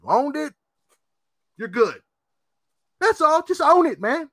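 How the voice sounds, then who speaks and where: A man co-hosting a podcast in casual chat, animated and swearing, often acting out what people said. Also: very high-pitched, slow pace, no echo. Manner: animated, swearing, acts out quotes. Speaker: podcast co-host.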